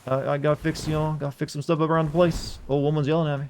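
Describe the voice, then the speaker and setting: A male game streamer from the American South, talking casually and swearing freely. He chats with his viewers in a relaxed, offhand way while he plays. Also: a little high, racing, a little hiss or hum. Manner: loose and profane, chatting with viewers while playing. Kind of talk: casual livestream commentary.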